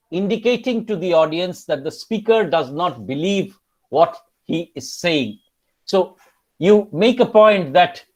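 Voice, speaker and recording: Male lecturer, lively and emphatic, slightly raised pitch, classroom delivery. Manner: animated, emphatic, frequent tag questions. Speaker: university lecturer.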